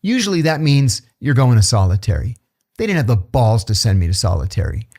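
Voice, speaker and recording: This middle-aged interview guest, once an intelligence officer, talks briskly at medium pitch on a casual podcast. He spins stories with energy, acting out the voices of the people he's quoting.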